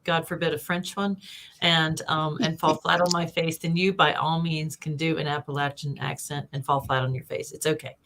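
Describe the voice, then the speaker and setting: Woman, very low voice, wry, self-deprecating, faint background noise. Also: little pitch movement, normal speed, a bit bright. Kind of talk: casual livestream chat.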